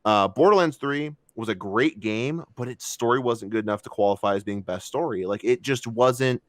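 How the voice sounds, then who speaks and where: A young man chats on a podcast, quick to swear and get carried away as he tells a story. His voice sits at an ordinary pitch, and the recording is dry and close with no room sound. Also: dry recording. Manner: animated, swearing, emotional storytelling. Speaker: podcast co-host. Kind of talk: casual podcast chat.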